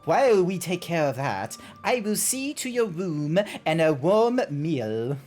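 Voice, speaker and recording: A man reading a fantasy game's female innkeeper aloud in a clumsy put-on French accent, slow and halting. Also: a little high, big pitch swings, darkish tone, soft background music. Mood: hospitable.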